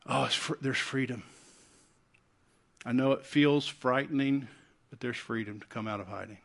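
Preaching in a Southern US accent, this pastor has a creaky, mid-range voice and keeps a moderate pace. His sermon alternates between hushed, gentle appeals and loud, urgent exhortations.

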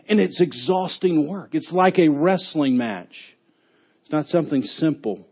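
A man is preaching to his church, with a voice that sits a bit high for a man. He sometimes breaks into a shout as he acts out a coach yelling at a wrestler. The recording sounds dull and muffled. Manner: rises to a shout when acting out a yelling coach. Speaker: pastor. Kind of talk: sermon.

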